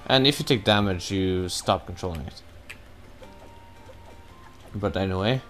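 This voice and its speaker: A man's voice: sits low, measured pace, fairly bright tone, faint music behind. A man giving casual, rambling commentary while he plays a video game, cursing now and then at his own mistakes. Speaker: let's play gamer.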